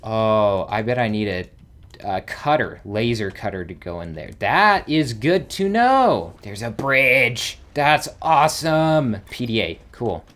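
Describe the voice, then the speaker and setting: A man's voice: lowish voice, animated, a little slow, fairly bright tone. A man hosting a let's play, giving rambling gameplay commentary and thinking aloud with small exclamations.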